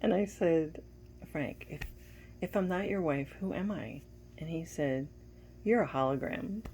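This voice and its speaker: A woman's voice: low-pitched, measured pace, darkish tone, a little hiss or hum. A woman giving a casual personal update to viewers, telling a story and retelling dialogue with bits of laughter. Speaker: wife giving a family update.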